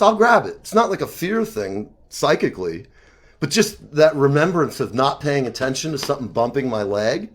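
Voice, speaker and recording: A man in his fifties telling rambling personal stories in casual chat, animated and profane, often laughing. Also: fairly high pitch. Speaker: talk show guest.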